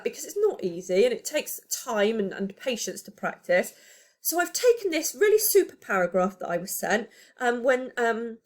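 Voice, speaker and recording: A woman teaching a recorded lesson, her voice sitting high and swinging widely in pitch. She explains with emphasis and keeps asking rhetorical questions of her pupils.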